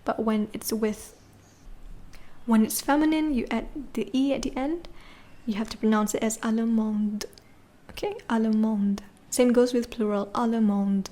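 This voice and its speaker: Higher-voiced woman teaching French. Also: darkish tone. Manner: patient, repeats words slowly for learners. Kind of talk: recorded language lesson.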